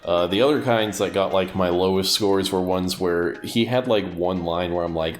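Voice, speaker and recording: Deep-voiced man in deadpan podcast chat. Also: normal speed, few pauses, faint music behind. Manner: dry, deadpan joking. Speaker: podcast co-host reviewing an album. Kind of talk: casual chat.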